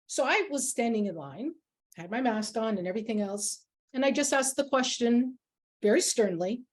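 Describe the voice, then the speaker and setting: A woman's voice: on the high side, animated, normal speed, darkish tone. Earnest woman leading a workshop. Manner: earnest and emphatic. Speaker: workshop facilitator. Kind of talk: workshop talk with personal anecdotes.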